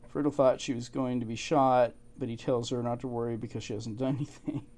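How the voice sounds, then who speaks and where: A man giving casual, halting commentary while reading through old documents. He thinks aloud, restarts often and chuckles to himself. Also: medium pitch, fairly even intonation, darkish tone. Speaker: channel host.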